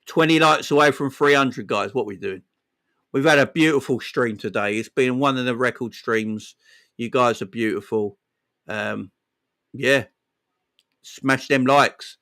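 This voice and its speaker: A man's voice: medium pitch, unhurried. Hyped man hosting a football stream. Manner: hyped, shouts out viewers by name. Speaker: livestream host. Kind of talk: casual football fan livestream chat.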